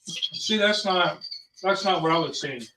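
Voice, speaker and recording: A man's voice: high-pitched, unhurried, pushed and bright. A father hosting a family vlog, chatting casually and rambling with plenty of ums and sos. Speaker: father and channel host. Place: home kitchen. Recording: roomy, from a distance.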